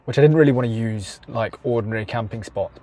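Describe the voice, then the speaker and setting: A man's voice: mid-range voice, quick pace, warm tone, no room sound. A man chatting casually on a travel vlog, self-deprecating and laughing at himself, recorded in a car and outdoors. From England. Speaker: travel vlogger. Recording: noisy car and outdoor background. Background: car and traffic noise.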